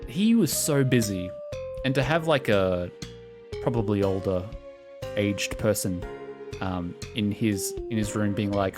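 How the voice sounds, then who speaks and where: A man's voice: on the low side, unhurried. A young man casually commenting while streaming a visual novel, chatty and joking. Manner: jokey, chatty, laughing often. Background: music.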